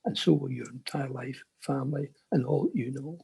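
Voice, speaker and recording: An older man telling his personal faith story in an earnest storytelling manner with quiet asides. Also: medium pitch, moderate pace, creaky, husky. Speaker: conference speaker. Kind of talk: personal testimony.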